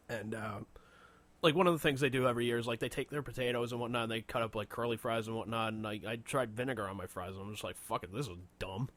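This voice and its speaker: A man's voice: medium pitch, fast, fairly bright tone. A man co-hosting a casual podcast chat, rambling, swearing a lot and laughing often. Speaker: podcast co-host.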